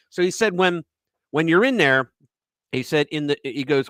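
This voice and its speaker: A man's voice: fairly high pitch, expressive, brisk, fairly bright tone, no room sound. A man hosting a casual political talk show, retelling a story in a rambling way with restarts and fillers. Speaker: host.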